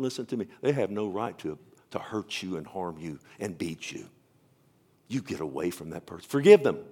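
An older man preaching a sermon with passion, swinging from loud outbursts to hushed tones. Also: medium pitch, vocal fry.

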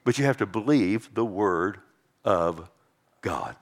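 A man's voice: lowish voice, lively intonation, slow. A middle-aged male pastor preaching a sermon, quoting scripture and pressing his points with rising emphasis.

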